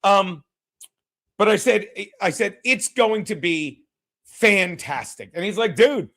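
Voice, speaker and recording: A man with a very high-pitched voice hosts a casual talk show. He rambles through anecdotes, swears freely and acts out other people's lines. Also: lively intonation, slow, fairly bright tone. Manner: profane, ranting, acts out quotes. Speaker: podcast host. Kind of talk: casual storytelling chat.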